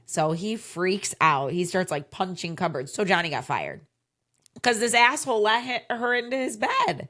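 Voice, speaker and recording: A woman co-hosting a casual chat show, telling stories with animated delivery and acting out the people she quotes, a little under the weather. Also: mid-range voice, measured pace. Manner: animated storytelling, acts out quoted voices. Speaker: podcast co-host.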